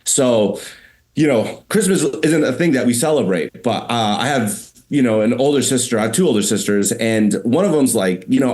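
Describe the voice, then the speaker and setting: A man's voice: fairly low pitch, animated, a little fast, a little mellow. Chatty young man telling stories. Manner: rambling storyteller, lots of "like". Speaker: podcast guest, company founder. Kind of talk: casual chat.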